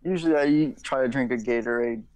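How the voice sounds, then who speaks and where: A man's voice: medium pitch, fast talker, darkish tone, dull audio. A young man co-hosting a casual podcast chat, rambling with lots of "like" and restarts and swearing casually. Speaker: podcast co-host.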